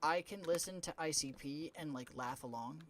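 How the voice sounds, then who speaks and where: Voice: medium pitch, normal speed, a little hiss or hum. A young adult streamer chatting casually during a game stream, rambling with lots of "like" and blunt swearing. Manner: rambling, heavy use of "like", frank swearing.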